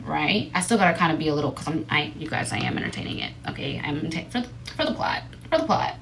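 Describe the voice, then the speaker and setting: Animated, blunt woman telling a story. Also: sits low, brisk, few pauses, a little hiss or hum. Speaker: livestreamer. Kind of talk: casual storytelling to a live audience.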